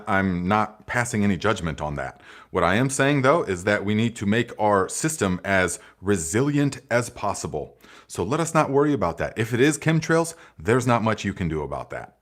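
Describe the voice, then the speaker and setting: Chatting loosely with viewers during a live gardening Q&A, the male channel host comes across as sarcastic and lively, with a lowish voice. He laughs frequently and keeps saying "okay" and "guys."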